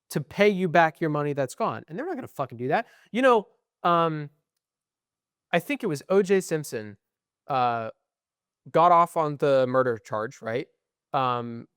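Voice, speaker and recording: Young man, co-host, rambling explainer, dry close-mic sound, mid-pitch. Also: clean tone, dry recording. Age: young adult. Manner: rambling, frequent "right?" and "um" fillers. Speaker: podcast co-host. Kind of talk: casual chat.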